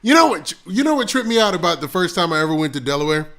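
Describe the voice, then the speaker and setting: A man hosting a casual live stream on a close mic, shouting out viewers' locations and talking in laid-back slang. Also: a little high, sing-song, quick pace. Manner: shouting out viewers' locations one after another.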